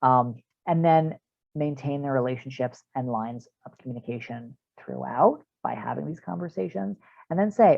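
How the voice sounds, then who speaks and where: A man's voice: medium pitch, normal speed, gravelly, a little mellow, no room sound. A man, a counselor, giving a practical online training talk to parents in a conversational way with many fillers, over a video call. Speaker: counselor presenting a parent workshop. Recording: dull, dry video-call audio.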